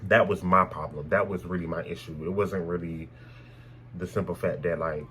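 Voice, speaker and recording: A young man telling a personal story in a casual, animated way, blunt and full of swearing. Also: deep voice, moderate pace, a little hiss or hum, low-quality recording. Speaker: storytime vlogger.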